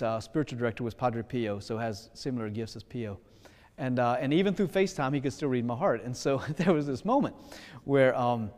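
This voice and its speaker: A man preaching a sermon with passion, swinging between loud pleading prayer and hushed, gentle speech. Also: medium pitch, in a large hall.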